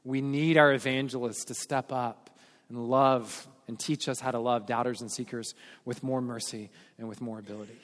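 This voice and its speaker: A man delivering a sermon as pastor, telling stories with energy and then speaking earnestly and softly. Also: medium pitch. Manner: storytelling, animated then earnest and quiet. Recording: hall reverb.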